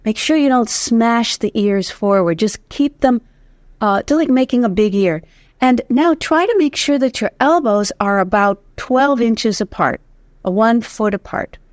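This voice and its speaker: A woman's voice: fairly high pitch, measured pace, dry recording, studio quality. A woman from the United States, a voice teacher guest in an interview, explaining vocal tips and humming demonstrations, with easy laughs. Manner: demonstrative, hums examples, laughs easily. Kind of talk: instructive interview talk.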